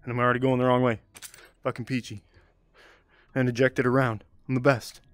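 A man's voice: medium pitch, flat delivery, fast talker, clean tone, no room sound, faint music behind. A man casually commentating his own gameplay on a stream, chatty and self-mocking, swearing when things go wrong. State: has the hiccups.

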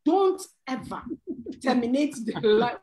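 A woman's voice: high-pitched, lively intonation, slow pace, a little mellow, poor audio. Earnest woman, pleading, laughing. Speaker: panel guest. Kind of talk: church talk show sharing testimony.

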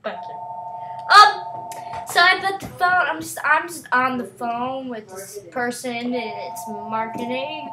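A woman's voice: high voice, slow pace, bright, forceful tone, slight background noise, poor audio. A woman hosting a casual gameplay video, giddy and goofy, giggling often. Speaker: game video host.

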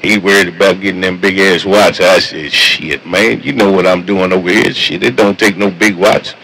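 A man's voice: deep voice, steady tone, normal speed, vocal fry, bright, forceful tone, slight background noise, rough recording. A man talking with fellow truckers over CB radio in a laid-back, slangy way, repeating his catchphrases. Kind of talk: casual CB radio chat.

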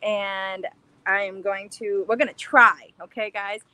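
A young woman hosting a casual craft-channel livestream from her backyard, bubbly and excited, chatting in a scattered, rambling way. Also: medium pitch, takes it slowly, no echo. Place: backyard, outdoors.

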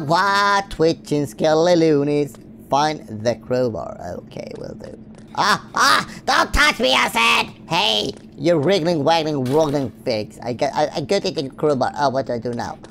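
A woman's voice: deep voice, lively intonation, normal speed, vocal fry, a bit bright, a little hiss or hum. A woman from Sweden hosting a gaming channel, giving playful Let's Play commentary full of silly rhymes and sing-song wordplay.

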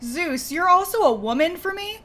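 A woman's voice: very high-pitched, animated, moderate pace, fairly bright tone. A woman streamer chatting playfully with friends while gaming, laughing often. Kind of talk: casual chat while gaming.

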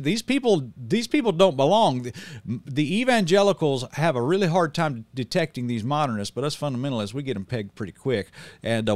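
Fiery preaching man, dry close sound. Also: dry recording. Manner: preachy, swings from shouting outrage to low calm; repeats words and restarts often. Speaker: street preacher and channel host. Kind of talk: heated commentary video.

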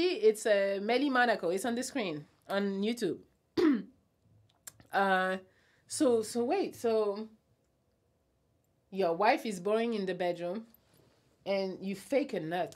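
A young adult woman hosting a casual live stream, reading out viewer comments and answering them bluntly with a teasing tone. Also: a little high. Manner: blunt, teasing, laughs often.

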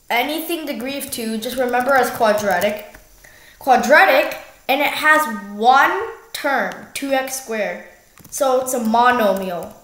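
Young female tutor with a high voice and a relaxed, self-correcting delivery, recorded in a reverberant room. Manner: slow, self-correcting, jokey. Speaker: math tutor. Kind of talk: casual math walkthrough. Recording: echoey room.

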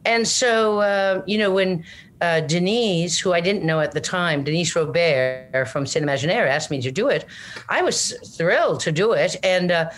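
Older Newfoundland-accented woman, interview guest, lowish voice, rambling and self-deprecating. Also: lively intonation, normal speed. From Newfoundland, Canada. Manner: rambling, self-deprecating, full of "you know what I mean". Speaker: guest, comedic actor. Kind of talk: casual interview chat.

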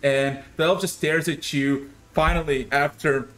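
A man's voice: on the high side, steady tone, unhurried, fairly bright tone. A man running a tabletop game as game master, narrating scenes in a rambling, hesitant way with many fillers.

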